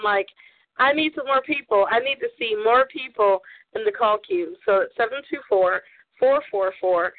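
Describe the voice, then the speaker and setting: Bubbly Southern woman radio host on phone. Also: high-pitched. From American South. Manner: bubbly, laughs often, chatty. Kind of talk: casual call-in radio chat. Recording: tinny phone line.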